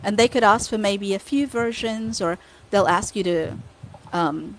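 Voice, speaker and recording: A woman with a Filipino accent, hosting a podcast in lively, casual chat that mixes Filipino and English. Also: medium pitch, unhurried, a little hiss or hum. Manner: animated, code-switching between Filipino and English. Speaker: podcast host.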